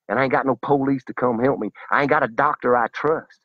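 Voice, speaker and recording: In a brisk, mid-range voice, a man rants to his viewers in a profane, preachy, fired-up monologue straight to camera. He's a vlogger, and the recording is dull with no room sound.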